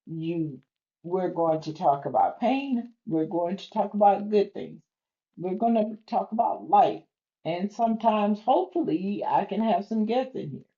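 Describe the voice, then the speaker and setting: A woman's voice: measured pace, lo-fi sound. A middle-aged woman hosting her own podcast, talking openly and earnestly, her voice strained by lung disease and sometimes dropping near a whisper. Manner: expressive, open and earnest, pitch swinging high and low. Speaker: podcast host. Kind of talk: personal podcast monologue.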